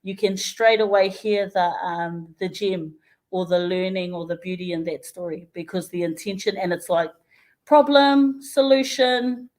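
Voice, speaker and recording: A woman with a New Zealand English accent, a guest in a casual radio interview, telling a story lively and acting out the people she quotes. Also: lowish voice, moderate pace. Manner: lively storyteller who acts out quoted voices, often laughing. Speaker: interview guest, community health worker.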